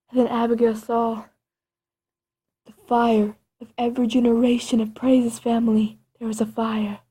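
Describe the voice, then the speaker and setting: A woman's voice: on the high side, level tone, normal speed, dark tone, breathy edge. A woman improvising a spooky story in a rambling, dramatic way with creepy asides.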